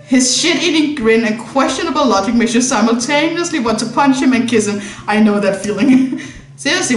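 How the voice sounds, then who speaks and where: A woman's voice: fairly high pitch, animated, moderate pace, reverberant, poor audio. Playful woman reading a game aloud. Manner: playful, laughing asides. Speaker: streamer. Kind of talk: reading a visual novel aloud.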